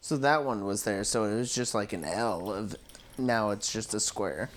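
A man's voice: lowish voice, moderate pace. A young man co-hosting a casual podcast, asking lots of curious questions and teasing his friend. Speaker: podcast co-host. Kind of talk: casual chat.

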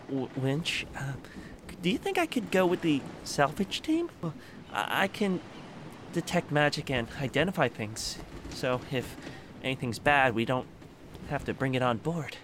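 A man voicing a timid, overly formal young crew member who stammers and hesitates, over clear background noise. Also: on the high side. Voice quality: stammering, meek.

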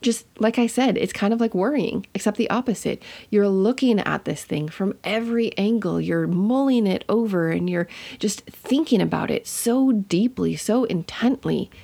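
A woman's voice: medium pitch, moderate pace, vocal fry, few pauses, breathy edge. A woman hosting a podcast, talking casually as she teaches listeners, chatty and correcting herself as she goes. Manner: chatty and warm-hearted, with self-corrections. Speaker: podcast host.

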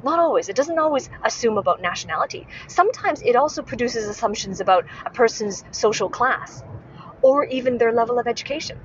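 A woman's voice: fairly high pitch, lively intonation, fairly quick, dull audio, a little hiss or hum. Woman podcast host coaching on speech. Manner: frequent tag questions, self-corrections. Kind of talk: instructive podcast monologue.

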